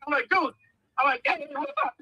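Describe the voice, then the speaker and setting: Animated storytelling man in his fifties. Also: very high voice, brisk, dry recording, highs cut off. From United States. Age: 50s. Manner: animated, acts out voices in his stories. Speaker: podcast guest. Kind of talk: casual storytelling.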